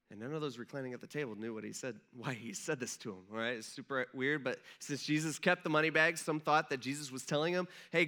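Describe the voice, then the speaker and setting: A man's voice: on the high side, bright, forceful tone. A young man preaching a casual sermon, retelling a story and acting out the quoted voices. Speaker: pastor.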